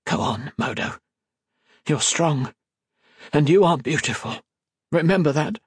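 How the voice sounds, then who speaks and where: A man voicing a kind, tearful older housekeeper woman, speaking softly and gently. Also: on the high side, animated, unhurried, husky, dry recording, clean studio sound, voice pushed up, exaggerated voice. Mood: tender. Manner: soft, gentle, near whisper.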